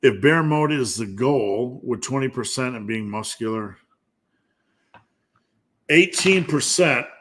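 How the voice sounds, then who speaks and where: A strength coach hosting a live stream answers viewer questions in a loose, joking way, thinking aloud as he goes. His medium-pitched voice is expressive and a bit bright, and he speaks slowly with long pauses.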